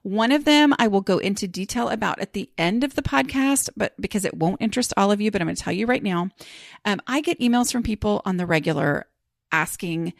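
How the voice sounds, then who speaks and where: A woman's voice: medium pitch, expressive, brisk, creaky, dry recording, studio quality. A woman hosting a podcast, chatting casually and rambling with many fillers. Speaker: podcast host.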